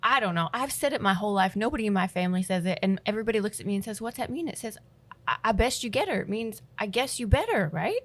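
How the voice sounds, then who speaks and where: A woman's voice: medium pitch, expressive, fast, few pauses, dry recording. A woman co-hosting a podcast, chatting casually with her guest. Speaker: podcast co-host. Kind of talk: casual interview chat.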